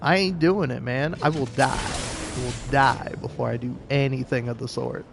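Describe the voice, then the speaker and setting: A man's voice: medium pitch, steady tone, moderate pace, gravelly, over music. A young adult man ranting casually while gaming, profane and rambling, laughing often and restarting his sentences. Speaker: gaming video creator. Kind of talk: casual rant while playing a game.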